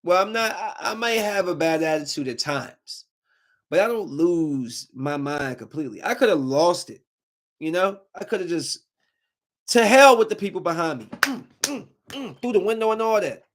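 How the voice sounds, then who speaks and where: Heated ranting man with a high voice. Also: animated, normal speed. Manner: heated, ranting, rising to near-shouting when angry. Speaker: podcast host. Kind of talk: casual ranting monologue.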